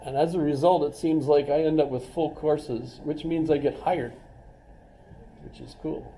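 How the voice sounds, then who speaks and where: A man's voice: on the high side, fairly even intonation, unhurried, dark tone, slight background noise. A middle-aged man, a college philosophy instructor, giving a casual classroom lecture, chatty and rambling with joking asides. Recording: roomy classroom from a distance.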